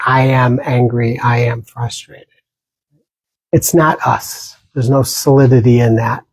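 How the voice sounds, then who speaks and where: A man giving a dharma talk as a meditation teacher, speaking gently with pauses and small restarts. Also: mid-range voice, husky, dry recording, rough recording.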